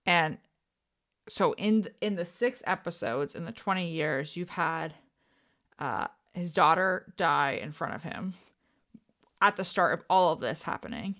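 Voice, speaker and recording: A young woman co-hosting a casual podcast chat. Her voice sits low, but her pitch swings widely as she thinks aloud, circling back over her words with fillers and restarts before landing her point. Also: animated, measured pace, fairly bright tone. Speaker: podcast co-host.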